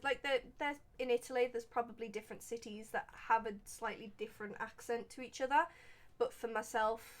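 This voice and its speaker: A woman from England with an English accent, chatting casually and rambling as she plays a game on stream, laughing at herself. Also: fairly high pitch. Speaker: gaming streamer. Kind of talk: casual let's-play commentary.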